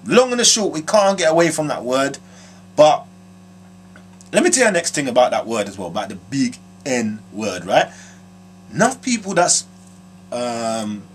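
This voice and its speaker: A man with a London accent hosting a comic advice show, answering viewer letters in slangy, animated streetwise patter. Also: on the high side, breathy edge. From South London. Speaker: host answering viewer questions.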